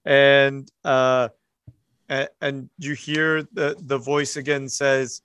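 Slow, halting game master man. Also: medium pitch, level tone, a bit bright, clean tone, no room sound, studio quality. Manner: hesitant, many fillers and restarts. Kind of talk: narrating a tabletop horror game.

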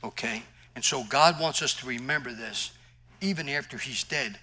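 A man's voice: medium pitch, normal speed, pushed and bright, poor audio. A male pastor preaching a sermon in an emphatic, conversational way, mixing scripture with personal stories.

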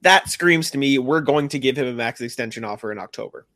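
A man's voice: medium pitch, fast talker, a bit bright, dry recording, clean studio sound. A man co-hosting a casual sports podcast, chatty and often laughing. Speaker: podcast co-host.

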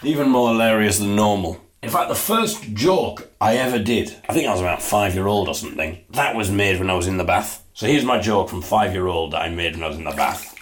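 Brief: low-voiced male podcast host, dry and self-deprecating, joking from the bath. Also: fairly quick, hardly any pauses. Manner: deadpan, self-mocking. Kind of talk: comic monologue.

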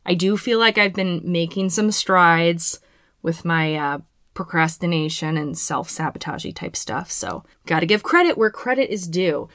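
A woman's voice: lowish voice, lively intonation, normal speed, a bit bright, dry recording, studio quality. A woman hosting her own podcast, casual and playful, with frequent swearing. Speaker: podcast host. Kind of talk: solo podcast intro.

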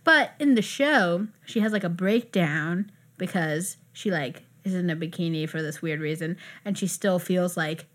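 A woman co-hosting a podcast, chatting in an animated, talkative way about a TV show. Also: lowish voice, normal speed, few pauses. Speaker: podcast co-host. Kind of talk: casual chat about TV and movies.

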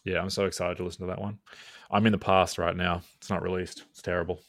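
A man's voice: low voice, little pitch movement, fast, no room sound, clean studio sound. A man co-hosting a podcast who rambles in a chatty way and says "like" all the time. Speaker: podcast co-host. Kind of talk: casual podcast chat.

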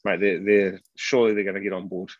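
A man from New Zealand with a New Zealand accent, a guest rugby player chatting casually, often saying "mate" between halting fillers. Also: deep voice, level tone, dry recording. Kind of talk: casual interview chat. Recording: dull, dry lo-fi audio.

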